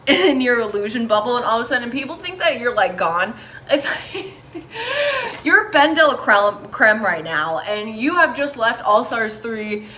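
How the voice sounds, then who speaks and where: Bright-voiced woman doing a tarot reading. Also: on the high side, a little hiss or hum. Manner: candid, swears freely, chatty; talks straight to viewers, encouraging. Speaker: tarot reader.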